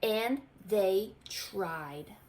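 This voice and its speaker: A woman teacher reading a storybook aloud to young children, expressive and pointing out pictures. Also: medium pitch, noisy background. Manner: expressive, slow, asks children to look. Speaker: pre-K teacher.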